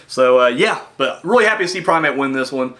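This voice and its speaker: A man casually recapping wrestling matches, rambling with lots of fillers and getting excited as a fan. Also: medium pitch, fairly quick. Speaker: wrestling review host.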